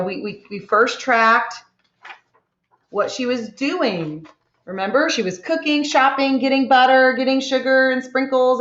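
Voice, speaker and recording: A fairly high-voiced woman teaching a reading lesson to small children, slow and encouraging, always checking in with little tag questions. The sound is dull and lo-fi, with a roomy echo from the classroom. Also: a bit bright. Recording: echoey room, dull lo-fi sound.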